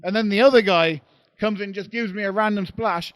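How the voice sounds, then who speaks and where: A man's voice: sits high, fairly quick, dry recording. A man co-hosting a podcast, telling stories with lots of laughter and swearing. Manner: animated storytelling, laughing and swearing. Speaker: wrestler and podcast co-host. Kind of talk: casual banter.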